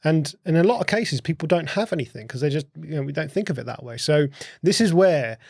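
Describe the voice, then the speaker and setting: A man talks on a podcast in a gravelly, creaky voice and works through his points with rhetorical questions. He often repeats words as he thinks. The sound is dry and close, with no room echo. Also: on the high side, expressive, fairly quick, a little mellow. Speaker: podcast guest, host's husband. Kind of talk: casual conversational explaining.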